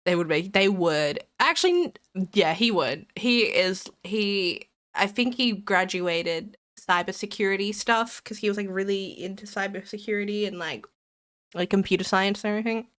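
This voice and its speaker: A woman streamer in casual live-stream chat, excitable and giggly, rambling and repeating herself. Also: mid-range voice, moderate pace, no echo, studio quality.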